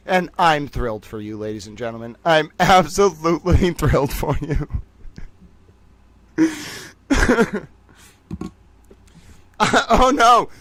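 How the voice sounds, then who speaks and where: A man with a slightly high speaking voice hosts a casual livestream, addressing his viewers as ladies and gentlemen. He swings into theatrical mock outrage and grand declarations as he talks to them. The sound is close and dry, with no room around it. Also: no room sound. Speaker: livestream host.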